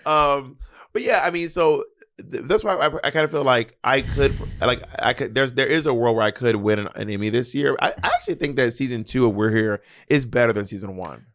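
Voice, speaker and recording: A man co-hosting a podcast in casual chat, teasing and quick to laugh, earnest when talking about his goals. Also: medium pitch, fairly bright tone, no echo, clean studio sound. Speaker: podcast co-host.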